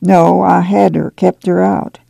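A guilt-ridden farmer uncle, voiced by a man reading a novel speaks slowly and sadly in rural dialect. The voice is gravelly and mellow, pitched a little high, with a dry sound. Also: level tone, dry recording, heavily acted. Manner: slow, sad, rural dialect.

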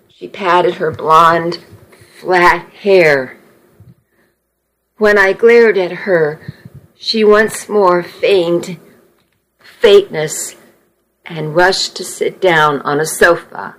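A woman reading a first-person story aloud in an unhurried way, now and then correcting a slip. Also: fairly low pitch, a bit bright, poor audio. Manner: unhurried, occasional slips and self-corrections. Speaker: narrator.

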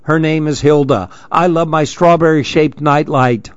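A man's voice: a little high, moderate pace, no echo, lo-fi sound, lightly acted. A man voicing a nervous little girl who chatters about her worries. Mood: worried. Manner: fretful, chattering.

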